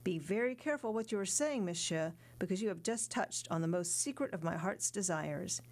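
A woman's voice: fairly low pitch, expressive, brisk, darkish tone. A woman reading the part of an earnest young male sailor in an audiobook, respectful and sincere.

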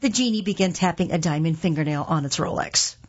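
A woman reading a first-person short story aloud with expressive narration. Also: low voice, brisk, slightly rough, dull audio. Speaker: volunteer reader.

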